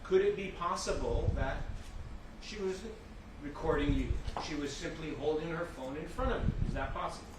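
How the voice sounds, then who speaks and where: Far-off man cross-examining in an echoey courtroom. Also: on the high side. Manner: deliberate, pressing yes-or-no questions. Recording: distant echoey courtroom mic with noise.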